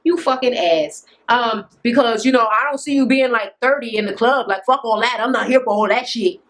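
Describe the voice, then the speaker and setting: A woman's voice: a little high, normal speed, a bit bright. A woman vlogger giving a casual recap of a reality show, blunt and profane, sarcastic, often laughing at her own jokes. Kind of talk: casual ranting recap commentary.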